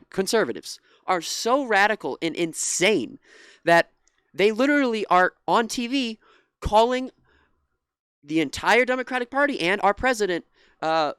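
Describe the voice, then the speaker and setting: An indignant young commentator reacts to a clip. The voice is smooth and clear, recorded close and dry. Frustration spills into restarts and the odd curse. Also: medium pitch, a bit bright, no room sound. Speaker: political commentary YouTuber.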